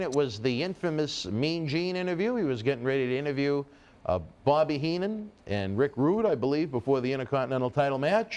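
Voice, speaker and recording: A male interviewer with a voice that sits a bit high and moves around a lot. He keeps the conversation moving with quick prompts, brief apologies and deadpan jokes. He sounds like he is running the show from the studio. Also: smooth. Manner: steering, apologetic asides, dry jokes. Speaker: interview host. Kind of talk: interview questions.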